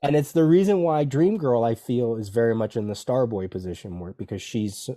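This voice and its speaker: On a podcast, a male co-host goes through a comic issue by issue in casual discussion, slipping into the characters' lines as he goes. His pitch is average, his tone dark and mellow, and his delivery brisk. He's animated, with many restarts.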